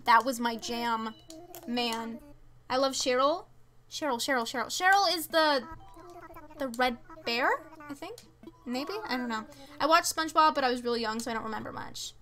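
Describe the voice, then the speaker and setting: Bubbly high-voiced teen girl streamer. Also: moderate pace, soft background music. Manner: chatty, excitable, reads chat aloud. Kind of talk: casual game stream chat.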